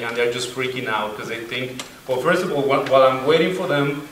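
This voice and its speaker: A young man with an accent tells a story at a panel with lots of laughter, putting on other people's voices as he goes. His voice is mid-pitched and picked up from a distance. The room echoes and a faint hiss sits underneath. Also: brisk. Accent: non-native accent. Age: young adult. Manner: animated, laughing, acts out voices in anecdotes. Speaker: student veteran panelist. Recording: echoey room, mic far off, faint noise.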